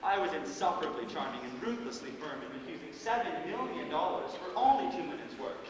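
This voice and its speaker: A man's voice: a little high, big pitch swings, brisk, noisy background. A teenage boy acting a flamboyant, vain celebrity playwright on a school stage, with grand, affected theatrical delivery. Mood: grandiose. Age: teen. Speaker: stage actor. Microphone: distant room mic. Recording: echoey school stage from far off.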